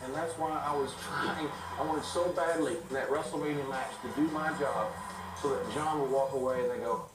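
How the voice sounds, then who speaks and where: A middle-aged man, a guest in an interview, telling stories in an animated, quick way with restarts. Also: medium pitch, over loud music. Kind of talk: storytelling in a casual interview. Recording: roomy sound from a distant mic.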